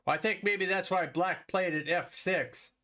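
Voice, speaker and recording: A man's voice: high voice, normal speed, sharp tone. A man from Wisconsin hosting a live stream, chatting casually with viewers while commenting on a board game and laughing often.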